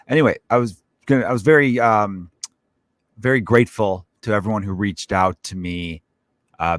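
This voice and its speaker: A man's voice: low voice, fairly bright tone, no room sound. A man hosting his own comedy podcast, ranting casually with lots of swearing and rambling asides. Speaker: podcast host.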